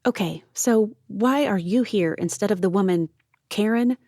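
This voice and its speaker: A woman reading an audiobook, voicing a frightened but defiant young woman who speaks in a sharp, raised, exasperated tone. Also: medium pitch, moderate pace, no room sound, studio quality, voice pushed up, close to an everyday voice.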